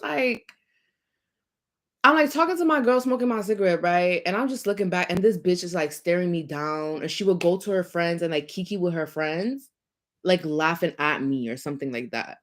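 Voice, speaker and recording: Young woman, lowish voice, casual vlog rant: profane, "like"-heavy, loud bursts and low asides. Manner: animated, profane, heavy use of filler "like"; swings between loud emphasis and low muttered asides. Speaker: vlogger.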